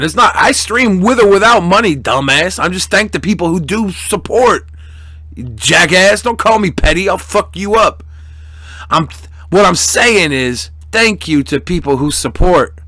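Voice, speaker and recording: A young man chats on a live stream, reading out donations and trading crude, mock-angry insults with his viewers. His voice is bright and forceful, sitting a little high. The sound is dry and close, with no room around it. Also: animated, unhurried, no room sound. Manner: crude, profane, mock-angry banter with chat.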